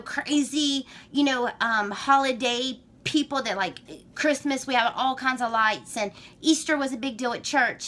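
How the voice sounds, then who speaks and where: A woman's voice: on the high side, bright, forceful tone. A woman with a Southern US accent chatting through a get-to-know-me tag vlog, rambling and gushing. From Georgia, US. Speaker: vlogger.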